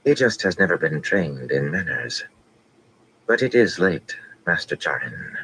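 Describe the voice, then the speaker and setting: A man voicing a cool, imperious young noblewoman in an audiobook, with a slow honeyed drawl. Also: very deep voice, very animated, pushed and bright, a little hiss or hum, full character voice, poor audio.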